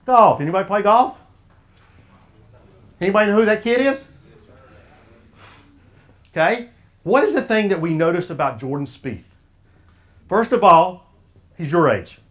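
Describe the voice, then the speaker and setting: Folksy Southern man with a raised pitch. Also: lively intonation, unhurried, pauses often. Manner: folksy, preacher-like, quizzing the audience. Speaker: speaker at an officials' association. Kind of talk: motivational talk.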